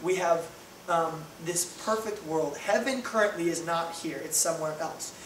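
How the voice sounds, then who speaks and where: Preaching in a church hall, this pastor animates his stories with playful asides in different voices. His voice is a little high and his speed normal. Captured from far off in the echoey room, the audio carries a little hiss or hum.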